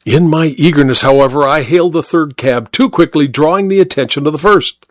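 A man narrating a story in the first person, with wry, measured storytelling, in a dry close recording. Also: a little high, no room sound. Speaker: audiobook narrator.

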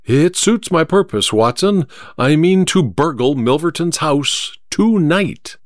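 A man's voice: on the high side, lively intonation, no room sound, studio quality, voice pushed up. Holmes: a wry, resolute detective, read by a man. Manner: crisp, amused, measured. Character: cool, confident male detective, wry and resolute. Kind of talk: audiobook reading.

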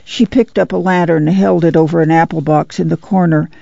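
A woman reading an audiobook aloud on radio in an even, unhurried way, in a dull lo-fi recording. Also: lowish voice, gravelly, dry recording. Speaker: audiobook reader.

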